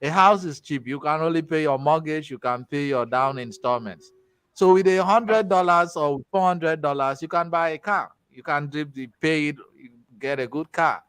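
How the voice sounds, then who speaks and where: A man from Nigeria with a Nigerian accent, teaching a tech class in a chatty, animated way with pidgin asides. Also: on the high side, moderate pace, smooth, no room sound. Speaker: tech instructor. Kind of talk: casual class talk with storytelling.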